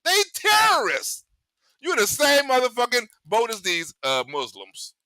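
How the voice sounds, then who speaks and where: A male host giving rambling, profane political commentary in an animated way, cursing heavily. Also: extremely high pitch, moderate pace, no room sound.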